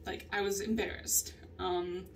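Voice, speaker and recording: A woman's voice: medium pitch, little pitch movement, measured pace, recorded from a distance, a little hiss or hum. A young woman talking candidly in a personal journal vlog, rambling and laughing often as she tells her story. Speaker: vlogger.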